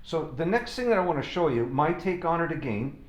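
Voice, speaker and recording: A man's voice: on the high side, very animated, fairly quick. Man teaching drums in an echoey studio. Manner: explains drum stickings step by step while playing. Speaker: drum teacher. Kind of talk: drum lesson demonstration.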